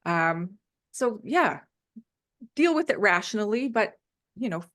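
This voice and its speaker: A woman hosting a relaxed interview, answering her guest with supportive, reflective remarks. She laughs easily and talks in a thoughtful, conversational way. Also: mid-range voice, a little slow. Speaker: interview host.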